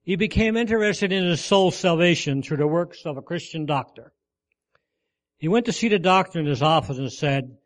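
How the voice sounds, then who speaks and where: A man narrating a sermon story in an earnest, measured way. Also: fairly high pitch, lively intonation. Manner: earnest, measured, dropping soft at solemn points.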